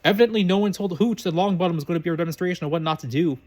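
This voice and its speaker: A man's voice: high voice, rapid-fire, darkish tone. A man reading as a glib young wizard. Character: cocky young wizard boy, glib and amused.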